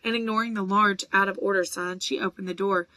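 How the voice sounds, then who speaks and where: A woman narrating an audiobook in a steady, even storytelling voice. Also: mid-range voice, fairly quick, dry recording. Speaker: audiobook reader.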